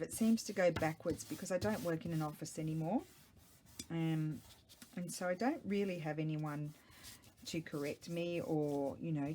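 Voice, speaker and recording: A middle-aged woman with a low voice chats loosely as she works on a craft project, thinking aloud and wandering off topic. She talks into a small microphone at home, with a faint hiss behind her. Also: dark tone. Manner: chatty, rambling, talks to herself while working. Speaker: craft vlogger. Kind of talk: casual chat while crafting.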